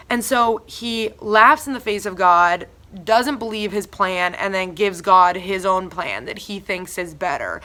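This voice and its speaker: Young woman, bright clear voice, chatty devotional talk, lots of fillers. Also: medium pitch, unhurried, few pauses. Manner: chatty, filler-heavy, animated retellings. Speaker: church member giving a devotional. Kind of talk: casual devotional talk with scripture reading.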